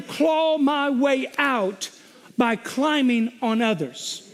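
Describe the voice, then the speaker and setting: A middle-aged male pastor preaching a sermon, telling a personal story and shifting between loud venting and quiet reflection. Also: very high-pitched, expressive, extremely slow, slight background noise.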